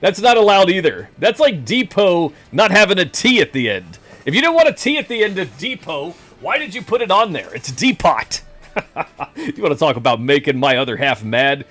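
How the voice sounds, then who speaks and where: A man's voice: sits high, sing-song, normal speed, a bit bright. A man streaming a game and chatting casually with viewers, rambling and poking fun at himself. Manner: rambling, self-deprecating, jokey. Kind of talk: casual live-stream chat.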